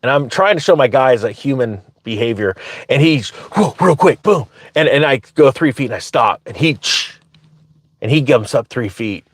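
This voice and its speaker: A man hosting his own channel, telling a story in a casual, animated way and often laughing as he talks. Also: medium pitch, moderate pace, husky, no echo, studio quality. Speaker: finance commentator, channel host.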